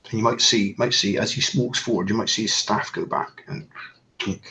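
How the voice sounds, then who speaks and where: A man's voice: on the low side, steady tone, fairly quick, vocal fry, bright, forceful tone, poor audio. A man running a tabletop game as game master, narrating hesitantly with many fillers and restarts.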